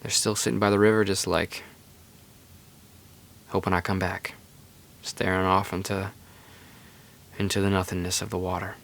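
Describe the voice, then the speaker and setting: A man's voice: low-pitched, level tone, moderate pace, pauses often, a bit bright. A young man hosting a podcast, telling stories in a rambling, laid-back way with lots of fillers. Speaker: podcast host. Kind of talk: casual storytelling monologue.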